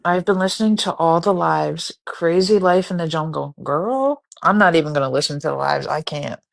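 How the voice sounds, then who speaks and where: A woman hosts a live stream in a lowish, gravelly voice. She rambles on tangents in casual chat, candid and quick to swear. A sleepy, yawning edge runs through her talk. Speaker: livestream host.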